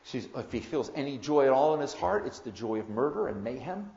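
A man preaching a sermon in an earnest way, with loud emphatic moments and quiet asides. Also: mid-range voice, animated, brisk. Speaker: pastor. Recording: echoey room, dull lo-fi sound.

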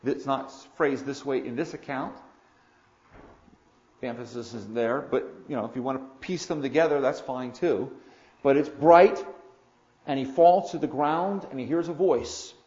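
Earnest preacher, echoey dull recording. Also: male voice, a little high, gravelly. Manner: earnest, swings between loud emphasis and quiet asides. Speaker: pastor. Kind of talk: sermon. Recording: echoey room, dull lo-fi sound.

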